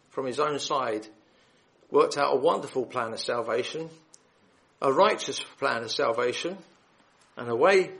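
A man's voice: mid-range voice, vocal fry. A man preaching the gospel in a hall, reading scripture aloud and then appealing earnestly and directly to his listeners. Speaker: lay preacher.

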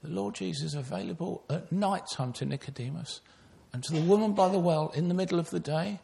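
An older man preaches with earnest conviction, weaving personal stories into his sermon and speaking straight to the children. His voice sits fairly high and carries a gravelly rasp. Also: fairly quick, dark tone, a little hiss or hum.

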